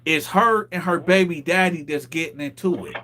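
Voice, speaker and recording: Animated storytelling man, slightly high voice. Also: moderate pace. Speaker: host. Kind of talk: casual storytelling chat.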